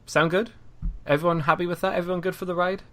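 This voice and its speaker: A man hosting a casual gaming podcast, chatty and relaxed, often trailing off quietly at the ends of his sentences. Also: high voice, quick pace, a little hiss or hum. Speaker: podcast host.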